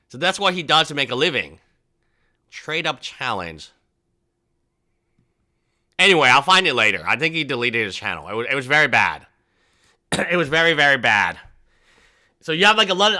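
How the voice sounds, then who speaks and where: A man hosting a livestream, chatting casually and rambling, often mimicking people in a high mocking voice. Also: big pitch swings, moderate pace, pauses often, pushed and bright. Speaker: livestream host.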